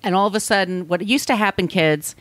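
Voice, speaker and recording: A woman's voice: mid-range voice, fairly quick, dry recording. A woman co-hosting a podcast, telling a true crime story in a blunt, conversational way. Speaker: podcast co-host.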